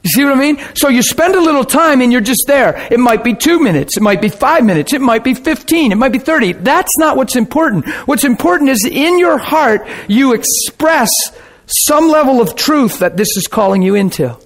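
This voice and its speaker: Male pastor, high voice, animated sermon storytelling with sound effects. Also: normal speed. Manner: preacherly, asks listeners questions.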